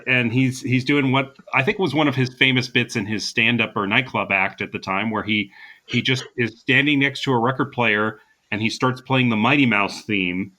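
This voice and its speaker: A man's voice: medium pitch, sharp tone. A man co-hosting a podcast, recapping a comedy show in casual chat with plenty of fillers. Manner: chatty, recapping with frequent fillers and laughs. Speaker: podcast co-host.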